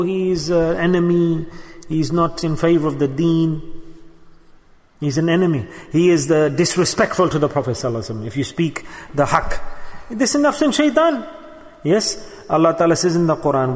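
A man delivers a sermon with a somewhat high voice, moving between storytelling and recited Arabic verses. His voice rings with a long reverb, as if he is speaking in a large hall. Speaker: preacher.

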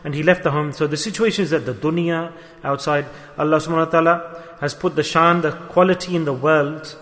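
A man with a fairly high voice delivers a storytelling sermon, earnest and repetitive, pressing his points with rhetorical questions. His words ring out with a long reverb, as if in a large hall. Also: fairly even intonation, fairly quick, a bit bright. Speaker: preacher.

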